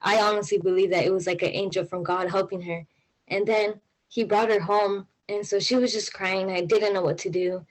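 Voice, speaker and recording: A woman's voice: mid-range voice, fairly even intonation, moderate pace, poor audio. A young woman telling a personal story on stage, in a casual way with many fillers and an anxious tone. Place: stage at a live event.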